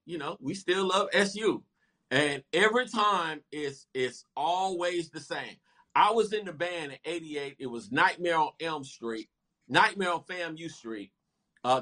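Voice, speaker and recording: A man in his fifties, a guest telling stories in lively casual chat. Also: fairly high pitch, measured pace. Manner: animated, lively storytelling with laughter.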